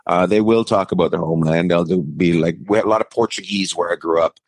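A man's voice: deep voice, quick pace, dry recording. A man from northern Canada with a mixed Canadian accent, a comedian guest telling jokes and stories in a casual interview, acting out other people's voices. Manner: animated joking storyteller, acts out voices.

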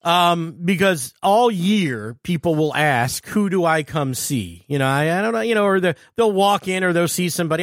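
Lively higher-voiced podcast host. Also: male voice, normal speed, hardly any pauses, no room sound, studio quality. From Detroit area, USA. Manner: eager, laughs often, trails off mid-sentence. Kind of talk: casual podcast interview.

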